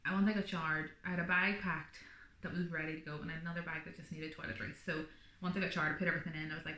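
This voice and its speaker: A woman's voice: sits low, level tone, racing, pushed and bright. Chatty woman telling a story in a roomy space. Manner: chatty, rambling, many fillers. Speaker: vlogger. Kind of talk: casual birth story vlog.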